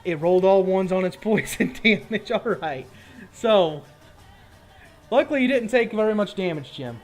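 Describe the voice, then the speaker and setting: A man with a fairly high voice runs a tabletop fantasy game, explaining the rules and then narrating the combat in a relaxed, descriptive way. Soft music plays under the talk. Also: normal speed. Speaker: game master.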